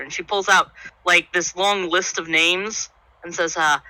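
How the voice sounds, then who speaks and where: A game master narrating a tabletop game in a relaxed way, with some restarts. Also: medium pitch, measured pace, no echo, rough recording.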